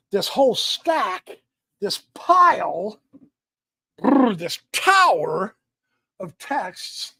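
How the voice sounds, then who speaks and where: A man with a high-pitched voice, excitedly walks through his home library on a casual live stream. He rambles from one book to the next with plenty of enthusiasm. The sound is dry and close, with no room echo. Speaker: host.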